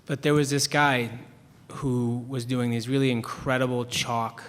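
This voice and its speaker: A man's voice: mid-range voice, fairly even intonation, a little slow, fairly bright tone. A young man from Chicago, a writer on a panel, telling rambling, self-deprecating stories and laughing at himself. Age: young adult. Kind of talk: anecdotal storytelling. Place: event hall with an audience. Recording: long reverb in a hall.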